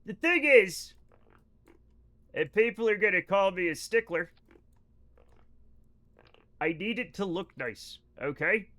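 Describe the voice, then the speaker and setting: Guy livestreaming a game, kinda high and sharp sounding, chats with viewers and swears a bunch. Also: animated, slow, long pauses. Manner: rambling, profane, joking with chat. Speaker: livestream gamer. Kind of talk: casual live-stream chat while playing.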